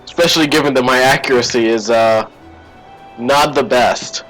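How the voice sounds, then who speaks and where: A man narrating his own gameplay in casual self-talk, his voice sitting at a middle pitch. He swings between calm remarks and frustrated outbursts. Faint music plays underneath. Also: moderate pace, poor audio. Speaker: gameplay streamer.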